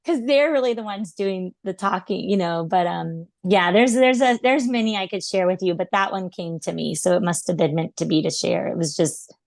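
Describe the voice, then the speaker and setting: A woman in her thirties with a fairly low voice tells a personal story in a relaxed, earnest way, with plenty of "um" and "like" along the way. The recording is close and dry, with no room sound. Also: moderate pace, vocal fry, few pauses, no echo. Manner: earnest, reflective, many fillers like "um" and "like". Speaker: podcast guest, animal intuitive. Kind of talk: casual storytelling interview.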